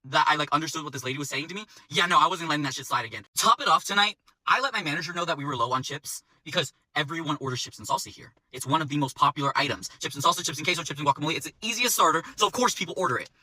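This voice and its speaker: A man's voice: a little high, animated, very fast, hardly any pauses, pushed and bright, no echo, poor audio. A man working as a restaurant server, telling a storytime in a profane, exasperated rant.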